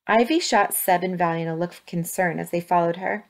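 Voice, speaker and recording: A woman reading a storybook aloud with steady, expressive narration. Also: lowish voice, a little fast.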